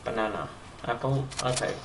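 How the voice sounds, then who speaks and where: A man streaming a game, rambling and halting with many fillers as he plays. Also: medium pitch, creaky. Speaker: gaming streamer. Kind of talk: casual gameplay commentary. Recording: roomy echo with loud ambient noise.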